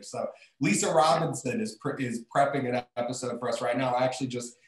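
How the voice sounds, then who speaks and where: A man, a TV showrunner, tells lively anecdotes in a casual interview. His voice sits at a middle pitch. He sounds like he is in a roomy space with noticeable echo. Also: fairly quick, few pauses. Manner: animated storytelling.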